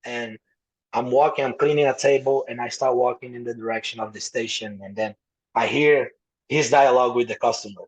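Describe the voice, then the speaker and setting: This young adult man speaks Portuguese natively and has a Brazilian accent; as a podcast guest he tells casual stories, acting out the quotes and swearing without restraint. His medium-pitched voice is brisk, slightly rough and fairly even in intonation, captured on a rough recording.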